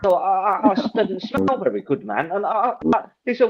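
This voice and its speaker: A man's voice: high-pitched, sing-song, normal speed, few pauses. A man with a British accent in casual chat, telling long profane anecdotes in a rambling way. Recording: muffled audio with faint noise.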